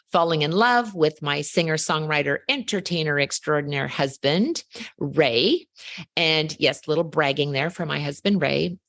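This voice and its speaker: A woman's voice: fairly low pitch, no echo. A woman hosting a podcast in a scripted monologue, telling a story with emphasis and rhetorical questions into a close mic. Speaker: podcast host.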